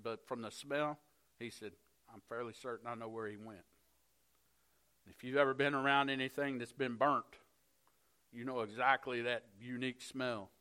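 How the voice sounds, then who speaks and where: Man, middle-aged, preacher, sermon storytelling, earnest, bright tone. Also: mid-range voice. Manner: storytelling, earnest, builds from hushed to fired up.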